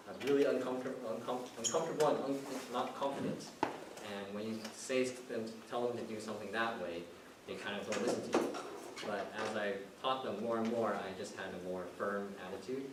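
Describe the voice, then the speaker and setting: A man giving a chatty impromptu speech at a club meeting, telling a personal story. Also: fairly low pitch. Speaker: club speaker. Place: meeting room. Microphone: distant room mic. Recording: echoey room, far off, noisy.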